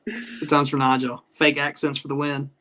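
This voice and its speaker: A man's voice: medium pitch, completely flat delivery, moderate pace, sharp tone. A man who used to wrestle, a guest in a casual chat, telling rambling, profane stories.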